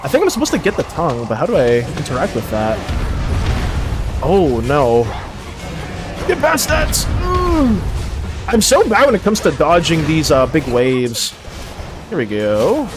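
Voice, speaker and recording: A streamer giving excitable live gameplay commentary, swearing and laughing often. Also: medium pitch, moderate pace, over music.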